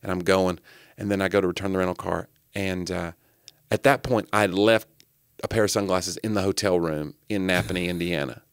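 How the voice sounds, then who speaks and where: A man co-hosting a podcast, telling animated, jokey stories in casual chat. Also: deep voice, a little fast, smooth, no echo, studio quality. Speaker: podcast co-host.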